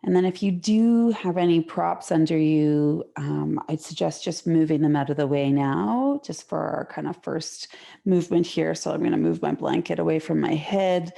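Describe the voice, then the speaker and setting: Calm low-voiced woman guiding yoga. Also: vocal fry. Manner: calm, slow and soothing cues. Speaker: yoga instructor. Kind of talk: guided yoga class instruction. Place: home room, online class.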